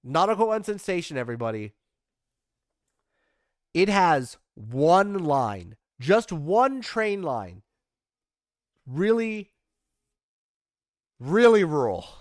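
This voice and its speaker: A man's voice: on the high side, very animated, takes it slowly, pauses often, no room sound, clean studio sound. A young man casually chatting through a trip recap on stream, rambling and self-deprecating with some swearing. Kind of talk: casual chat over photos.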